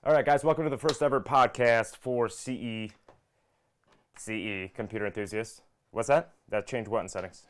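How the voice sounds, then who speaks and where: A man's voice: mid-range voice, steady tone, normal speed, clean tone. A young man hosting a casual live-stream podcast, joking and flustered while he sorts out audio trouble. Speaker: podcast host.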